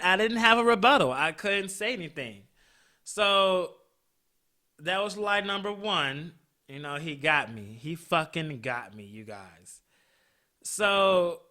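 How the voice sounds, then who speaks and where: A man hosting a podcast, telling a story in a blunt, profane, animated way. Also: a little high, slow, long pauses. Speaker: podcast host. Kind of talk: casual storytelling.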